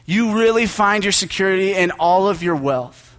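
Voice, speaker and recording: A man quoting Jesus as a gentle but firm teacher, speaking plainly and earnestly. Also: high voice, animated, moderate pace.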